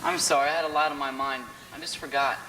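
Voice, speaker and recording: An earnest, easygoing teenage boy of faith, played by a young man on stage, joking lightly. His voice is bright and forward, with faint background noise. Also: mid-range voice, fairly even intonation, fast talker, natural voice, rough recording.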